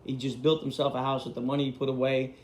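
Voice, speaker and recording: A man's voice: mid-range voice, level tone, fast. A man telling blunt, profane street stories in a casual way. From Queens, New York. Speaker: storyteller host. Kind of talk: casual storytelling. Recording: roomy echo.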